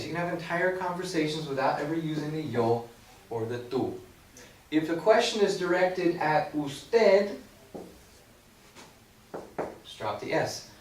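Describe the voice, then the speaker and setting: A man's voice: fairly high pitch, lively intonation, moderate pace, a little mellow. A man teaching a recorded Spanish grammar lesson, explaining patiently with playful asides. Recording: echoey room, far from mic, faint background hum.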